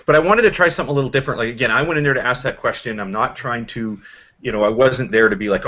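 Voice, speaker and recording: A man's voice: mid-range voice, a bit bright. A man hosting a casual online chat, rambling with lots of restarts. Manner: rambling, many fillers and restarts, quick. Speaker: host. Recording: dull lo-fi voice call.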